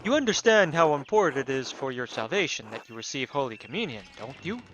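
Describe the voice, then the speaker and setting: A man's voice: medium pitch, big pitch swings, quick pace, a bit bright, slight background noise. A man voicing an older village priest who speaks in a solemn, moralizing way. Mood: preachy. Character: older male village priest, pious and preachy.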